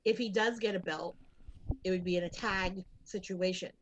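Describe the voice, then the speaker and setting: A woman's voice: on the low side, fairly even intonation, normal speed, slight background noise, poor audio. A woman co-hosting a casual podcast, rambling through confident opinions with many restarts. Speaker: podcast co-host. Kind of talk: casual chat.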